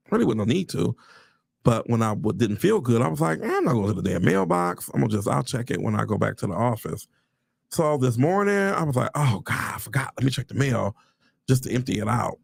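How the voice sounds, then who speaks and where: A man's voice: mid-range voice, gravelly, no echo. A man speaking, chatting casually on a livestream, bursting into preacher-like exclamations and addressing viewers as y'all. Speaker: realtor livestreaming to followers.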